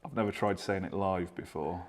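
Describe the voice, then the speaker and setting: A man's voice: deep voice, fairly even intonation, normal speed. A British man co-hosting a livestream, chatting casually and reading out viewer comments with a joking manner. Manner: jokey, reads out viewer comments. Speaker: co-host of a livestream.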